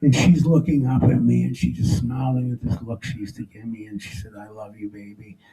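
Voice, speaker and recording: A middle-aged man telling his own story on stage to a live audience, emotional and halting, often restarting his sentences. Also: mid-range voice, vocal fry, dark tone, low-quality recording.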